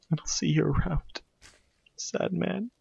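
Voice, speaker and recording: Excitable gravelly man narrating gameplay. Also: fairly high pitch, no room sound, muffled recording. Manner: excitable, mock-grand and self-mocking. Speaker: gaming video host. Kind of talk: let's play commentary.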